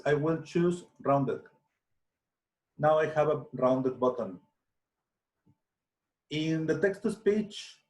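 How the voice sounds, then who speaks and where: Slow, hesitant man teaching. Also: fairly high pitch, darkish tone. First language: Spanish. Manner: slow, hesitant, many restarts and fillers. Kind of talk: software tutorial screencast.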